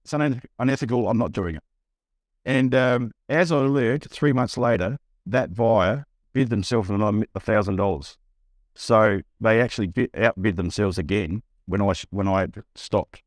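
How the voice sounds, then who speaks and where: A middle-aged man with an Australian accent, a buyer's agent telling a lively story in a podcast interview, acting out the voices he quotes. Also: on the low side, normal speed, no room sound, studio quality. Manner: animated, acts out quoted voices, frequent restarts.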